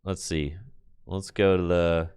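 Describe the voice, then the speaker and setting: A man streaming a card game on his computer, chatting casually and excitably with his viewers in slang, with bursts of laughter. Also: low voice, slow pace, clean tone, dry recording, studio quality. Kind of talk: casual live-stream chat while playing a card game.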